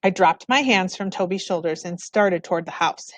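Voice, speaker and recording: Expressive woman reading a children's book. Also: fairly low pitch, normal speed, no echo. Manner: expressive first-person narration. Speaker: storybook reader. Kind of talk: reading a children's novel aloud.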